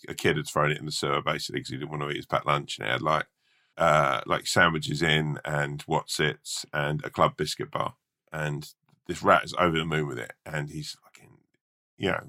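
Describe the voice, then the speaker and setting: A male podcast co-host with a pushed, bright bass voice tells a rambling, casual story. He leans on plenty of fillers and swears a lot.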